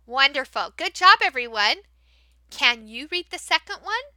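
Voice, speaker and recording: A woman teacher demonstrating how to run a class for young learners, switching between explaining to other teachers and modeling big, excited praise for kids. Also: high-pitched, a little slow, no echo. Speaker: teacher trainer. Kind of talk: training demo, modeling classroom talk.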